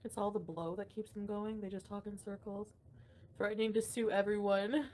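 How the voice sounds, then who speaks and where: A woman's voice: mid-range voice, fairly even intonation, moderate pace, warm tone, slight background noise. A young woman hosting a casual livestream, ranting with frequent swearing and laughter while reading chat comments. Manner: profane, ranting, laughs often. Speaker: livestream host.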